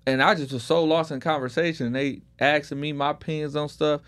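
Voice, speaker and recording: A man's voice: a little high, steady tone, brisk, a bit bright. Slang-heavy man telling his story. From Detroit. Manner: laid-back storytelling with street slang. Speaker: guest. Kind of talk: casual podcast conversation.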